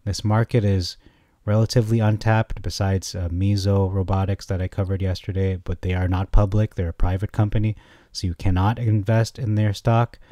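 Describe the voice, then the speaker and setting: A man giving a casual, rambling stock chart analysis, often correcting himself and getting excited. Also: low-pitched, moderate pace, no room sound, studio quality. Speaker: stock market commentator.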